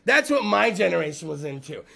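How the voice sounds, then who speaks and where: High, gravelly, bright-voiced profane man. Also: big pitch swings, fairly quick. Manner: crude, profane, rambling storyteller. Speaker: host. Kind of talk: stand-up style rant to a live room. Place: room with small live audience.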